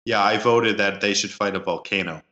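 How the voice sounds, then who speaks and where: A man's voice: lowish voice, fairly even intonation, moderate pace, bright, forceful tone, muffled recording. A man co-hosting a casual movie podcast, trading dry jokes. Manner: dry, joking banter. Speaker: podcast co-host.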